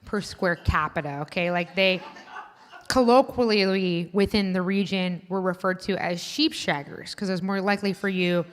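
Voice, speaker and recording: A woman from Indiana performing a stand-up comedy set, chatty and self-deprecating, building to loud punchlines. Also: fairly low pitch, moderate pace, long reverb tail. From Indiana, USA. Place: comedy club stage. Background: live audience.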